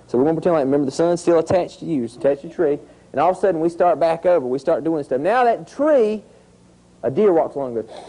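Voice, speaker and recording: A man, teaching a group of children outdoors, telling a lively story with sound effects. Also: fairly high pitch, rough recording. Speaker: environmental educator. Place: outdoors at a nature center.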